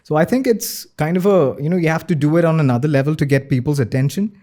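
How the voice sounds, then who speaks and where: A man's voice: on the high side, fast talker, dark tone. A young man with an Indian accent chatting as a podcast guest, leaning heavily on "you know" and filler. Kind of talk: casual chat.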